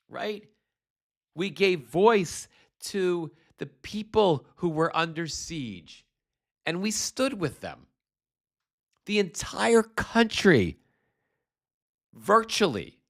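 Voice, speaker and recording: A man hosting a political livestream speaks slowly and deliberately. His pitch sits a little high and swings widely. He sounds congested and talks with impassioned, profane emphasis. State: congested with postnasal drip. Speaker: livestream host.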